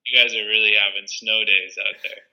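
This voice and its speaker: A man from Western Canada, a guest in a casual interview, speaking in a halting, hesitant way. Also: on the low side, flat delivery, creaky, bright, forceful tone, low-quality recording. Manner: hesitant, halting, restarts often.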